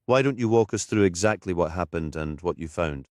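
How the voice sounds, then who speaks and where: A man voicing a calm, measured male police detective in an audiobook. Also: low voice, no echo, studio quality.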